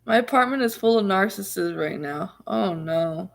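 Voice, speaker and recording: A young woman vlogging to her viewers with a gravelly, fry-edged voice. She rambles casually, circles back with restarts and little laughs. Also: mid-range voice, expressive, moderate pace. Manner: chatty, full of "like" and restarts, laughs often.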